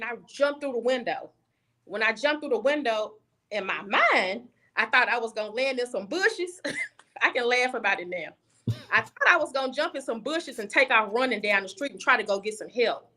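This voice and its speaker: Bright-voiced woman telling her story bluntly. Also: on the high side. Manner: candid, blunt, with frequent restarts. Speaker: guest. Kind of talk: personal storytelling. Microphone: video call.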